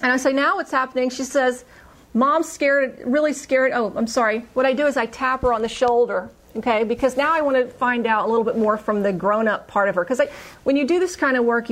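A woman hypnotherapist telling a session story on a podcast, acting out her client's lines. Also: brisk. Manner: animated, acts out client's quotes in higher voice.

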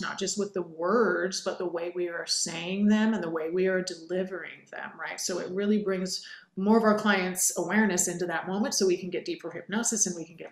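A woman's voice: on the low side, reverberant. A woman co-hosting a hypnosis training discussion, explaining ideas in an earnest, explanatory way. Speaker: co-host, hypnotist. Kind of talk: teaching discussion.

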